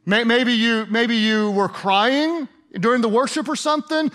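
A man's voice: extremely high pitch, moderate pace, few pauses, fairly bright tone. A man preaching a sermon to his congregation in a conversational, playfully sarcastic way, asking them questions. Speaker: pastor.

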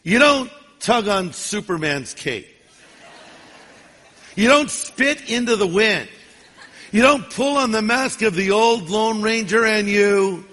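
A man's voice: high-pitched, animated, slow, pauses often, bright, forceful tone. A man in his sixties, a pastor preaching a sermon in a folksy, humorous storytelling manner. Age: 60s. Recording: long reverb of a large hall.

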